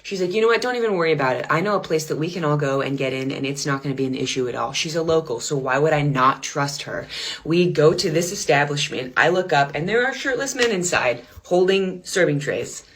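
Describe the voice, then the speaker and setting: Animated woman telling a funny story. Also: low-pitched, fairly quick. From United States. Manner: animated, self-deprecating, laughs between lines. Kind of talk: comedic personal storytelling.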